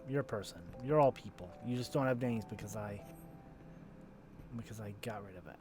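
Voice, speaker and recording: A man's voice: fairly low pitch, fairly quick, a little mellow, soft background music. A man streaming a video game, chatting casually in a rambling, self-mocking way. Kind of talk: casual game commentary with voiced readings.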